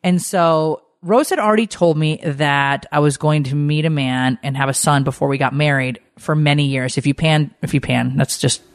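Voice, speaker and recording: Woman, forties, podcast host, casual storytelling, animated, dry sound. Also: sits low, normal speed, hardly any pauses, no echo. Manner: chatty, animated, tells stories with lots of asides.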